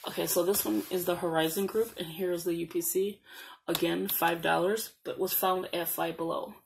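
A woman's voice: fairly low pitch, fairly even intonation, moderate pace, gravelly, a little hiss or hum, low-quality recording. A woman casually showing a planner on her channel, reading the printed slogans aloud as she flips through the pages. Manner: chatty, reads printed slogans aloud while flipping pages. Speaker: planner vlogger. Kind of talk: casual show-and-tell.

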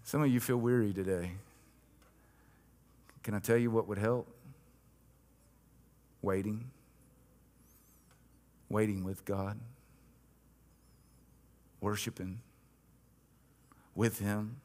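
A male pastor preaching a sermon, swinging between quiet, drawn-back lines and loud, emphatic swells, with rhythmic chanted repetitions. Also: fairly low pitch, steady tone, takes it slowly, pauses often.

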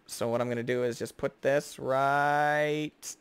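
A young man giving excitable, jokey gameplay commentary as host, chatting to the creatures on screen. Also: medium pitch, unhurried, clear, resonant tone, dry recording. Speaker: gaming video host.

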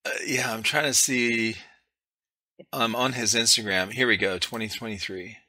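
A man's voice: medium pitch, fairly even intonation, moderate pace, a crowd in the background. A man hosting a casual podcast chat, laughing often and poking fun at himself. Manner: laughs often, self-deprecating. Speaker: podcast host.

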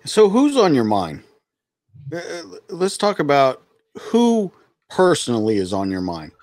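Lively-voiced probing male interviewer. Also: on the high side, measured pace, dry recording, studio quality. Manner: probing and direct. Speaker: podcast interviewer. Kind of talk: interview questions.

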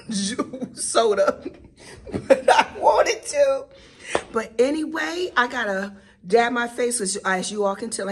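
A middle-aged woman teacher and mom chatting casually to her viewers in an expressive, talkative way. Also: medium pitch, slight background noise. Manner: chatty and expressive, addresses viewers warmly as "baby" and "y'all". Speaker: elementary school teacher and mom. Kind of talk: casual vlog chat.

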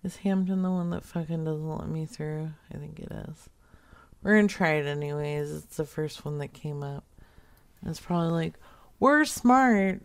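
A woman's voice: low voice, little pitch movement, normal speed, vocal fry, darkish tone, dry recording. A woman hosting a live prank call show, talking loosely between calls, swearing and chatting to her cat. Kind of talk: casual livestream chat.

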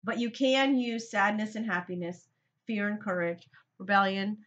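Woman teacher talking her class through a lesson, bright tone, kinda dull lo-fi sound. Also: medium pitch, fairly even intonation, moderate pace. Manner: thinks aloud, talks directly to students. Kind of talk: recorded grammar lesson for students.

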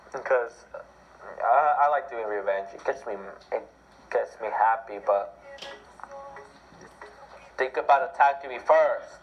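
Teen boy, sick, excitable rambling game commentary, muffled sound, faint game music. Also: mid-range voice, a little slow, long pauses. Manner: rambling, excitable, self-deprecating. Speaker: mobile game player. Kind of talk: casual gameplay commentary. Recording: dull lo-fi audio with faint music.

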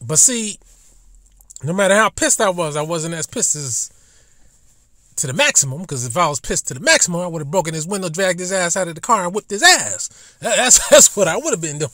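High-voiced swearing man ranting. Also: lively intonation, a little fast, no echo, studio quality. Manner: swears heavily, swings between low muttering and loud outbursts, laughs while talking. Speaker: YouTube commentator. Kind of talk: profane storytelling rant.

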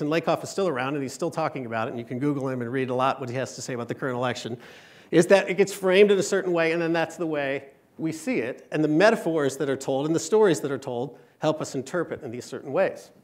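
A man in his late forties from Michigan gives a storytelling inspirational talk at a church gathering. His fairly high voice swings widely as he jokes and builds to loud, emphatic peaks. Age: 40s. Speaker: speaker at a church conference. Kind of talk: inspirational talk to a live audience.

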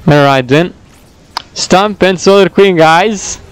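A man giving excitable let's-play commentary, whooping and shouting at the game as he plays. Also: high-pitched, slow, clear, resonant tone. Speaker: gaming commentator.

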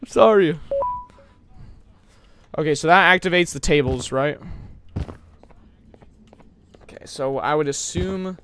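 Hyper young male streamer, high and bright. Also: unhurried, pauses often, a little hiss or hum. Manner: hyper, jokey, bursts of yelling. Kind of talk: live game streaming commentary.

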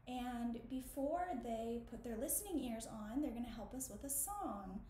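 A woman hosting a children's storytime as a librarian, talking gently in a sing-song tone and reading a picture book aloud. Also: a little high, normal speed, few pauses, roomy sound, a little hiss or hum.

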